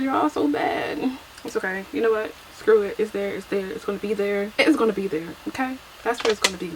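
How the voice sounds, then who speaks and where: A chatty young woman talks casually while doing her makeup at home, laughing at herself as she goes. Her voice sits at an ordinary middle pitch, picked up by a camera mic with a faint hiss underneath. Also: a little fast, poor audio. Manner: chatty and self-deprecating, laughs often. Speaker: beauty vlogger. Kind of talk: casual get-ready-with-me chat.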